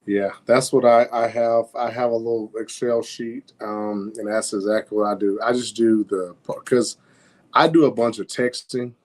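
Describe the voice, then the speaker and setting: A man calling in for advice, talking casually with many pauses and fillers. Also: mid-range voice, steady tone. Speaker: caller. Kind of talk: casual chat.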